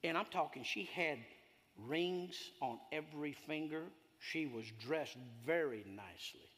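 A man, preaching a sermon in a folksy, storytelling way that swings from loud to hushed. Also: fairly high pitch, unhurried. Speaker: pastor. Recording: echoey hall.

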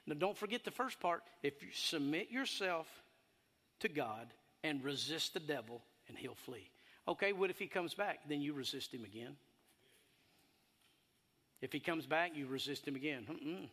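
Male pastor, higher voice, preaching in an echoing church hall; animated, rising to loud high emphasis. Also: moderate pace. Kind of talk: sermon. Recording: long hall reverb.

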